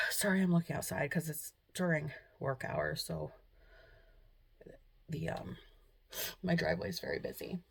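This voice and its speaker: Low, gravelly-voiced young woman, emotional. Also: sing-song, unhurried, long pauses. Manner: soft, hesitant, full of ums and trailing off. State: emotional, on the verge of tears. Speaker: vlogger. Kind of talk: casual confessional vlog talk. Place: at home, indoors.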